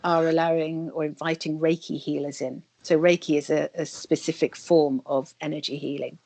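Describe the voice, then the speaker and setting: A woman guest on a video call interview, calmly explaining energy healing. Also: sits low, normal speed, dry recording. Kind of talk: interview answers.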